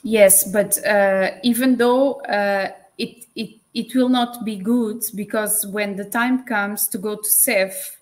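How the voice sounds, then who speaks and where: A woman, a guest advisor answering questions on a live stream, pausing often and searching for English words. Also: mid-range voice, steady tone. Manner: hesitant, many fillers, searching for words.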